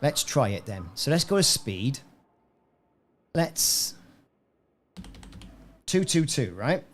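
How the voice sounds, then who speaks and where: A man's voice: medium pitch, sing-song, takes it slowly. A man casually chatting on a game live stream, rambling and answering viewers by name. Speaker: gaming streamer.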